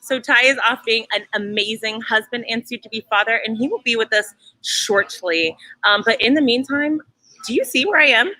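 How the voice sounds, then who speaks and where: A young woman co-hosting a casual podcast from a brewery, bubbly and quick to laugh, talking straight to her listeners. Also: fairly high pitch, sharp tone, dry recording, poor audio. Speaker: podcast co-host.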